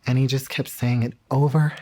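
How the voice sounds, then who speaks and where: A man sharing a personal testimony in a calm, measured, deliberate way. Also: medium pitch. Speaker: interviewee.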